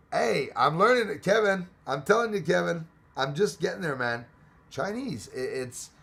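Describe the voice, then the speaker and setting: Guy rambling on his livestream, gravelly, jokey, shouts out chat names. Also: mid-range voice. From Canada. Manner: rambling, jokey, greets viewers by name. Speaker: livestream host reading chat. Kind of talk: casual live chat.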